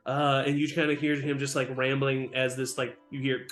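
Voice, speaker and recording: A man's voice: medium pitch, little pitch movement, normal speed, few pauses, fairly bright tone. A man narrating as game master of a tabletop game, in a loose style with lots of fillers. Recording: roomy with faint music.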